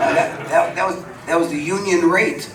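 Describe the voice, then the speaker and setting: An older man spins chatty stories on a club stage, slipping into the voices of the people he quotes and breaking into laughter. His voice comes from a distance through the room's echo. A steady murmur of noise sits behind it. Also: fairly high pitch. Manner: chatty, laughs often, acts out quoted dialogue. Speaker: guest storyteller. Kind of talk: live on-stage storytelling. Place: supper club stage before an audience. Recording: roomy venue sound from a distant mic with background noise.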